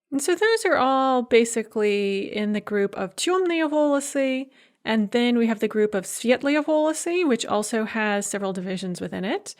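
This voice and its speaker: A woman professor giving a recorded lecture, explaining points in a clear teaching tone. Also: mid-range voice.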